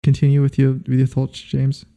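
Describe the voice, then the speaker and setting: A man with a very dark, mellow voice hosts a casual podcast chat. He teases his co-host relentlessly and keeps up a put-on British accent at a middle pitch. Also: completely flat delivery, normal speed, gravelly.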